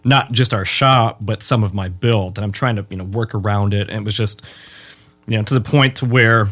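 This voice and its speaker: A man from the Midwest, a guest who makes bass guitars, chatting casually in an interview with dry humor and frequent pauses. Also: fairly bright tone.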